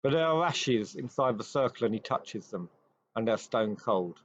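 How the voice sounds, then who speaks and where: A man hosting a show, retelling an old ghost story with measured pacing and dramatic pauses. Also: mid-range voice, animated, no room sound. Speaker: host. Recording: dry, slightly dull recording.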